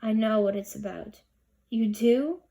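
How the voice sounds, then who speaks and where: A woman reading the lines of a fussy, scatterbrained but caring mother in a storybook, in a brisk, bustling way. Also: fairly high pitch, fairly even intonation, warm tone, lightly acted. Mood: gentle. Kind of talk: audiobook reading.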